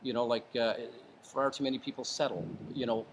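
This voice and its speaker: A man with a mid-pitched voice gives advice in an interview, calm and deliberate. He shifts his tone and leans on pauses for effect. A faint noise sits under the recording. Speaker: interview guest, former hostage negotiator.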